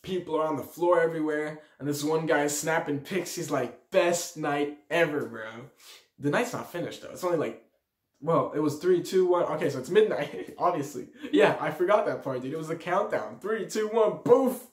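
A man's voice: fairly high pitch, fairly quick, reverberant. Slangy young man telling a wild story. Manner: slangy, animated, acts out quotes. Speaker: storyteller vlogger. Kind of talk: casual story time.

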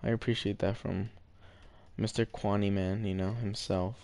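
A man's voice: on the low side, little pitch movement, normal speed, creaky, a little mellow, no echo. A young man in game voice chat, telling mock-serious tall tales and playfully trolling a stranger while he plays, stretching out the other player's name. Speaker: gamer.

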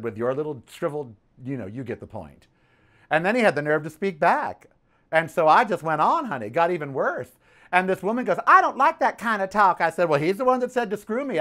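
A man hosting his own podcast, talking in a sassy, chatty way about the news and his day, often calling listeners "honey.". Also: fairly high pitch. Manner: sassy, animated, says "honey" and "okay". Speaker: podcast host. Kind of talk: casual political commentary.

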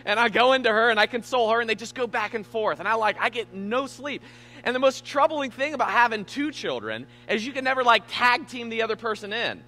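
Animated, high-voiced young male pastor. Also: brisk. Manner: animated storytelling, self-deprecating humor. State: tired. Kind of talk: sermon.

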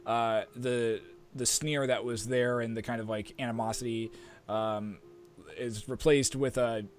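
A man narrating a tabletop game as game master, often restarting sentences and filling pauses. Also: medium pitch, fairly even intonation, faint music behind. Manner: rambling with many restarts and fillers.

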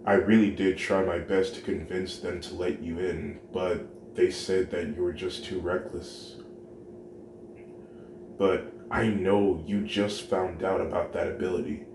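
A deep, earnest male hero mentor consoling a young student, as a man reads him in a story. The delivery is slow and plain. The recording sounds roomy and carries noise behind the voice. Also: flat delivery.

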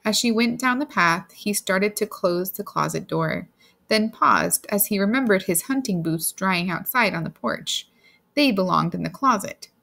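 A woman reading a short story aloud as a steady, plain narrator. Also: medium pitch, a little slow, gravelly. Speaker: audiobook reader. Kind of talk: scripted narration.

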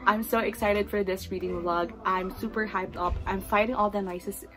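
A young Filipino woman in her twenties talks straight to the camera in a casual, gushing way, emotional and at times teary. Her pitch sits in a middle range for a woman. Soft music plays faintly behind her. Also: steady tone, moderate pace, rough recording. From Philippines. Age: 20s. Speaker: book vlogger. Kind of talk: casual chat.

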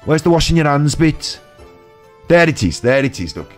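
A man's voice: on the high side, very animated, moderate pace, faint music behind. A man with a West Midlands accent, a streamer who retells a film scene by scene in a loose, rambling comic way. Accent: West Midlands English. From England. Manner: rambling, jumps into silly quoted voices. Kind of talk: comic retelling of a film in his own words.

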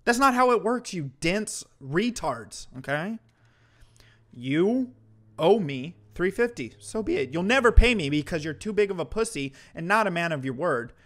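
A man's voice: fairly high pitch, lively intonation, a little slow. A man streaming commentary to his chat, ranting in a heated, mocking way with heavy swearing.

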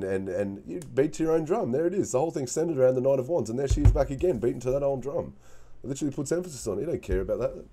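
A man's voice: medium pitch, dark tone, breathy edge. A man giving a casual spoken tarot reading, earnest and encouraging, repeating himself and restarting phrases. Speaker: tarot reader.

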